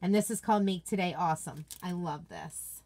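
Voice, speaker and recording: Woman gushing over craft stuff, chatty and excited, talking to her viewers from her home office. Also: lowish voice, brisk. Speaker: craft product seller and video host. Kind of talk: casual unboxing chat, reading viewer comments.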